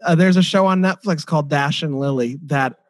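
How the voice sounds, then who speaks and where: A man's voice: a little high, a little fast, no echo, clean studio sound. A man guesting on a podcast, playful and enthusiastic as he chats. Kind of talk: casual chat.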